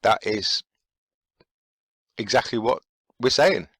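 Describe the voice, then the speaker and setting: A man's voice: medium pitch, slow, fairly bright tone, breathy edge, dry recording. A man giving casual, sarcastic commentary, chuckling as he picks apart the wording of a played interview. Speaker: commentator fact-checking an interview.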